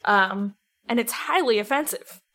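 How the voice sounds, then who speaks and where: Young female co-host, bright sharp tone, blunt and frank, interviewer. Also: on the high side, unhurried. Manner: blunt, frank, swears freely. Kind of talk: casual podcast conversation.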